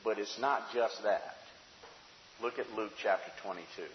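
A man preaching a sermon, telling a story dramatically, dropping to hushed tones and rising to fervent peaks. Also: fairly low pitch, measured pace, slight background noise. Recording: echoey hall, dull sound.

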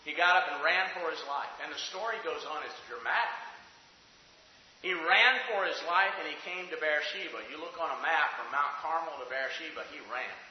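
A high-pitched man delivers a dramatic sermon, building to near shouts and then dropping to hushed, almost whispered lines. His voice rings through a large, very echoey hall with a long reverb tail. The recording sounds muffled and dull. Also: normal speed, slight background noise. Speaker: preacher.

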